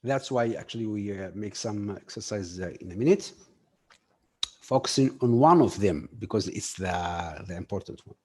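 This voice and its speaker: A man giving a workshop lecture on communication skills, pausing often with fillers and putting questions straight to his audience. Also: fairly low pitch, lively intonation, darkish tone. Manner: halting, filler-heavy, addresses audience directly.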